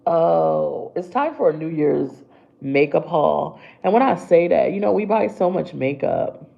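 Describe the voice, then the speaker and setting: Woman livestreamer, low gravelly voice, mellow tone, chatty makeup talk, dull phone-mic sound. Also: lively intonation, measured pace. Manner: chatty, talks to viewers while doing her brows. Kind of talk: casual live makeup chat.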